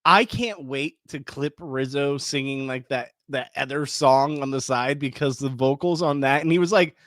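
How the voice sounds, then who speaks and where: A man co-hosting a casual chat about a reality show, easygoing and quick to laugh. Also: medium pitch, a bit bright, no room sound, clean studio sound. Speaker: podcast co-host, producer.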